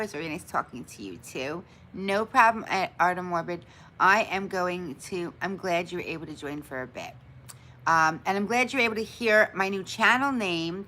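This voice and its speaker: A woman with a low voice chats casually on her live stream, greeting viewers by name and answering their comments. She pokes fun at herself when she forgets things, and a faint hiss of noise sits under her voice. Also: sharp tone, rough recording. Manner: self-deprecating, laughs at her own forgetfulness. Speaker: livestream host.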